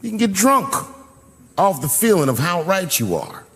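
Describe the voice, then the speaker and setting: A middle-aged man telling a profane, animated story as a stand-up comedian. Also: high voice, moderate pace, very noisy. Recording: live venue with long reverb.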